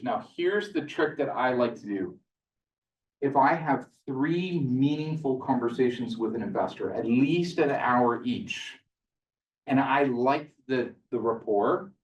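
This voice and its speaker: A man's voice: mid-range voice, darkish tone. A man giving a live seminar talk, telling stories in a chatty way and acting out both sides of conversations. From Canada. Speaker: seminar speaker. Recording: roomy hall, mic at a distance.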